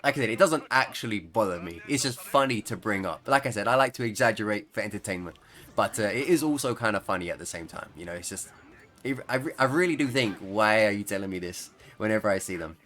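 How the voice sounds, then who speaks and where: A gaming YouTuber rambles casually over footage of his own play, joking and laughing often. His voice sits on the low side with a fairly bright tone, and he talks fast and expressively.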